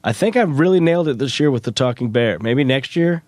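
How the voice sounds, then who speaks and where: A man co-hosting a comedy podcast, telling absurd stories in a deadpan, straight-faced way. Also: medium pitch, fairly quick, no room sound. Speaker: podcast co-host.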